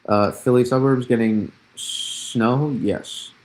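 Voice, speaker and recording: A young New England man hosts a live weather stream, his mid-range, slightly mellow voice slow and steady over slight background noise. He rambles through the forecast casually, repeating himself and answering chat questions along the way.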